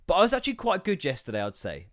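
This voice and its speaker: A man's voice: high voice, huge pitch swings, rapid-fire. A man in his thirties hosting a podcast, rambling through a sweary, self-mocking comic rant. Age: 30s. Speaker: podcast host. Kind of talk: solo comedic rant.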